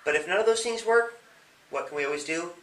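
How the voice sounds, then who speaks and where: A bright, lively male police officer explains things to a young listener, asking questions as he goes. His voice sits a little high and swings widely. He is recorded from a distance in an echoey room. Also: a little fast. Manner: animated, explaining with questions and acted-out examples. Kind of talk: interview giving advice to young people.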